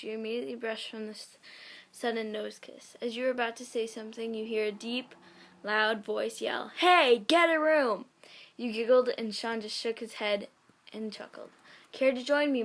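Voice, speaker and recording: A woman reads fan fiction aloud, stumbling over words and stopping to laugh and comment. Her voice is bright and sits somewhat high. She keeps the delivery casual and playful. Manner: giggly, breaks off to comment and laugh at the text. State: sick.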